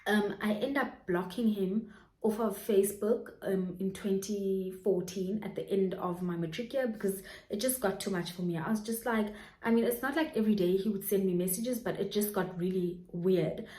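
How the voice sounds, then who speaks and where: A woman's voice: medium pitch, normal speed, warm tone, echoey room. A South African woman in her twenties telling a personal storytime to her viewers in a chatty way, full of fillers and asides. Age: 20s. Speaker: YouTuber. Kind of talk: storytime vlog.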